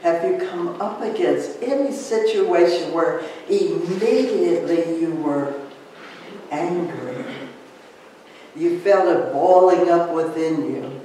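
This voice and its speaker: Guy slowly guiding a lent meditation, long pauses, kinda high voice, far off in a really echoey room. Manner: very slow, calm, with long pauses and repeated phrases. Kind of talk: slow guided meditation. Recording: roomy, from a distance, with faint noise.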